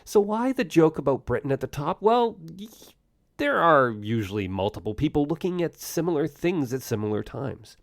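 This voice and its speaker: A man hosting a solo podcast on science history, telling it conversationally with wry jokes and quick asides. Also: fairly high pitch, big pitch swings, no echo. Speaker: podcast host.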